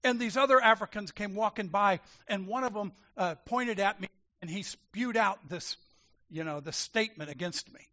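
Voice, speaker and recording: Preacher, male, bright and forceful, slightly higher voice, dull lo-fi recording. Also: normal speed. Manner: emphatic and animated, swinging from loud declarations to quiet asides. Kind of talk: sermon. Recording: dull lo-fi sound.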